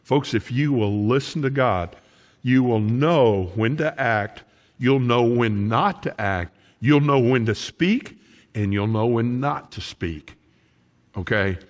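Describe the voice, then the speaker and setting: A male pastor preaching a sermon in a church, animated and folksy, with frequent asides to the congregation. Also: mid-range voice, slow pace, in a large hall. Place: church sanctuary.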